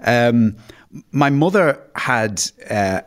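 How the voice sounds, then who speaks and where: A man recounts funny family stories as a podcast guest. His delivery is self-deprecating and full of stammered restarts. His voice sits at a middling pitch for a man. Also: lively intonation, extremely slow. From Ireland. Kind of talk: anecdotal storytelling.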